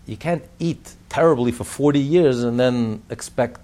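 A man's voice: medium pitch, moderate pace, mellow. A man teaching a religious text class in an emphatic manner, repeating his points and asking rhetorical questions. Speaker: Torah teacher.

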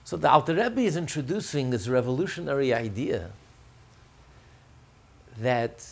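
A man's voice: mid-range voice, lively intonation, normal speed, creaky, long pauses, slightly rough. A man explaining a religious text in a class, emphatic, often repeating and restarting his phrases. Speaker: religious teacher.

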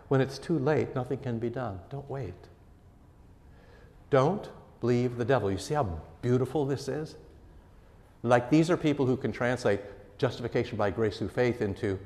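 A man, a pastor, preaching a sermon earnestly and emphatically, his voice rising and falling in loudness. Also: mid-range voice, long reverb tail.

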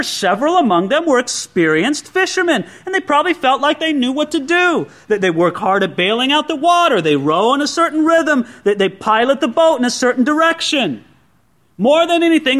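Guy pastor with a really high voice, chatty sermon, acts out what people say. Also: a bit bright. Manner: conversational preaching, acts out quoted speech.

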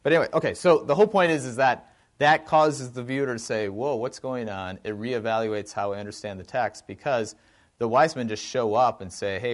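A man leading an informal film discussion, animated and thinking aloud with frequent restarts. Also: mid-range voice.

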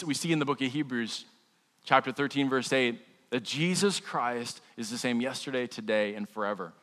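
A pastor with a slightly high voice delivers a sermon to his congregation, relaxed and joking, frequently restarting his sentences. A long reverb makes his voice ring out as though in a large church sanctuary.

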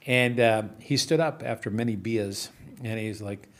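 A man guest in an interview, a business investor casually telling animated stories, chuckling and restarting his sentences as he goes. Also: on the low side, measured pace, few pauses.

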